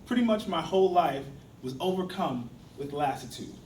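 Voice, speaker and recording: A man delivers a storytelling speech at a speaking club and acts out the lines of the characters in his tale with real animation. His voice sits slightly high for a man. It is picked up from a distance, bouncing around a roomy hall with a faint murmur of the space behind him. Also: animated, normal speed, noisy background. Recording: echoey hall from far off.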